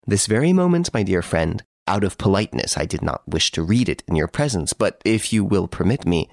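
A man voicing a suave gentleman thief who mocks the detective from his prison cell, urbane and playfully boastful. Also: low voice, very animated, brisk, gravelly, dry recording, studio quality, heavily acted. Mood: teasing, smug.

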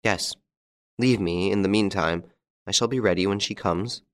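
A man reading aloud, voicing a frightened young wife who pleads in a higher, breathless voice. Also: moderate pace, no echo, clean studio sound, natural voice. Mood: anxious.

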